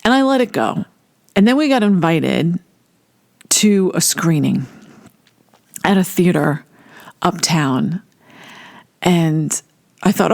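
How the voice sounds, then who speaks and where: A woman casually telling a personal story, animated and acting out the voices of people she quotes. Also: on the low side, gravelly, dry recording. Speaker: storyteller recounting a personal memory.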